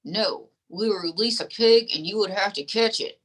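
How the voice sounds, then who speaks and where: A woman's voice: mid-range voice, normal speed, fairly bright tone, lightly acted. A woman voicing an old male lounge-singer ventriloquist dummy, drawling folksy punchlines. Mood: deadpan corny.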